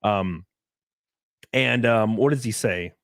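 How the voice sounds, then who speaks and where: A young man hosting a podcast, chatting casually in an animated, ranting way and mocking others' voices. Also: on the low side, takes it slowly, no echo, studio quality. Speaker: podcast host. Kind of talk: casual opinionated chat.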